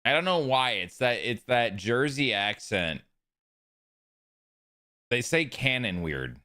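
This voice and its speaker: A man's voice: mid-range voice, sing-song, takes it slowly, pushed and bright. A man live streaming a video game, chatting with his viewers in a casual, joking way and swearing freely. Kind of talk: live stream chat while gaming.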